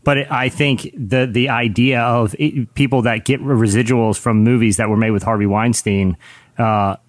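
A man co-hosting a podcast, explaining his view in an earnest, halting way. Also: mid-range voice, fairly even intonation, dry recording. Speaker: podcast co-host. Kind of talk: casual podcast chat.

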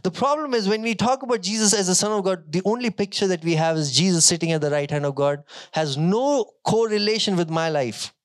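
A male pastor preaching a sermon, emphatic, moving between strong declarations and quieter storytelling. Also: high-pitched, a little fast, few pauses.

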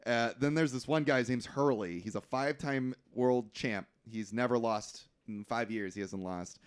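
A man's voice: mid-range voice, moderate pace, clear, resonant tone. A man co-hosting a podcast who recaps a movie in casual, profane chat and often laughs. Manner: profane, laughing, animated retelling. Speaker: podcast co-host.

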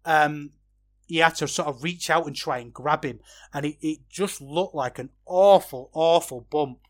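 A man, a wrestling podcaster, talking through a match review in a casual, chatty way that gets animated when he rants. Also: fairly high pitch, a little slow.

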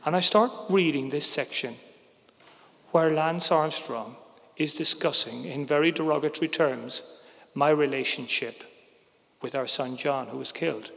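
A man's voice: on the high side, unhurried, creaky, fairly bright tone. A middle-aged man, a journalist, telling a personal story on stage in a candid, wry, conversational way. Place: theater stage before an audience. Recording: reverberant live hall.

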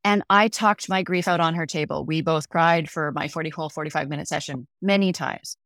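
A woman's voice: low voice, fairly quick, fairly bright tone, dry recording, clean studio sound. A middle-aged woman talking as a podcast guest, telling personal stories and acting out the lines she quotes. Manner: reflective, acts out quoted dialogue. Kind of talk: conversational interview storytelling.

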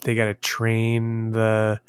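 Low-voiced guy recapping a movie on a podcast, wry and playful, dry sound. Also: monotone, takes it slowly, smooth, dry recording. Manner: wry, playful, laughing easily. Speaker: podcast co-host. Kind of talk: casual chat.

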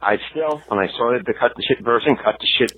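A male caller speaks haltingly and earnestly. His voice is husky and sits in a middle pitch. It comes through a narrow phone line. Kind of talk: phone message.

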